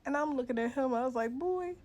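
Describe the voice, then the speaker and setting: A woman ranting bluntly in a casual vlog, cursing freely and swinging between loud outbursts and hushed, breathy asides. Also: sits high, fairly even intonation, racing. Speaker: social media creator.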